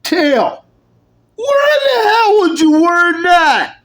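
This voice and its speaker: A woman's voice: very high voice, big pitch swings, drawn-out words, a bit bright, voice pushed up, heavily acted. A woman voicing an exasperated, bossy mother figure who scolds curtly. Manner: scolding, curt.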